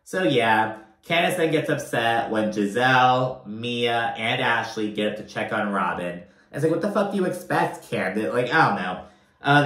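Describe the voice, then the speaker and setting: A man giving a casual, profanity-laced reality TV recap, animated and full of filler like "you know what I mean.". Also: mid-range voice. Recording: roomy echo.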